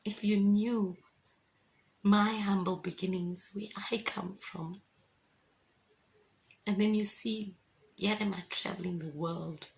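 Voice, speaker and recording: A woman's voice: mid-range voice, steady tone, slow pace, vocal fry, pauses often, darkish tone, low-quality recording. A woman giving an emotional faith testimony to camera at home, fervent and often checking that her listeners understand. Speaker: Christian vlogger giving a testimony. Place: at home indoors with windows open.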